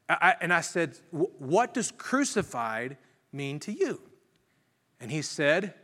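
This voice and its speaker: Pastor telling a story in a big hall. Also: male voice, fairly high pitch, lively intonation, fairly quick, pushed and bright. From Virginia. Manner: storytelling, earnest, rising to emphatic preaching. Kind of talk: sermon testimony. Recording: reverberant hall.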